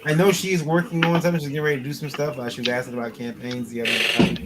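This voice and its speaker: A man's voice: fairly high pitch, steady tone, very fast. A man co-hosting a charity auction stream, casual and rambling with lots of fillers. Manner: rambling, laid-back, many fillers. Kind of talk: casual chat. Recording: noisy stream audio.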